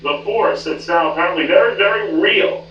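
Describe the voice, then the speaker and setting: A man anchoring a cable news show, brisk and wry as he hands off to a reporter. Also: high voice. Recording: roomy, dull, distant TV audio with hum.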